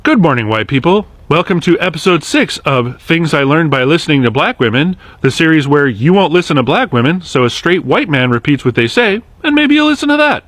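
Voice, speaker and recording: Lively-voiced man hosting a video series. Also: fairly high pitch, a little fast, hardly any pauses, no echo. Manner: direct, earnest, lightly sarcastic address. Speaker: host of a social media series. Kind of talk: scripted explainer monologue to camera.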